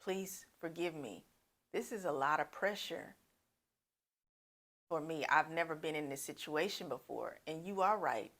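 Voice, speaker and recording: A woman's voice: sits low, lively intonation, unhurried, fairly bright tone, heavily acted. A woman voicing a young lesbian woman telling a man she is gay, speaking earnestly. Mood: apologetic.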